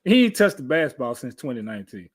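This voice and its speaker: A man's voice: mid-range voice, big pitch swings, fast, breathy edge. Boastful trash-talking man in his thirties. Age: 30s. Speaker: podcast co-host. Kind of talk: casual sports chat.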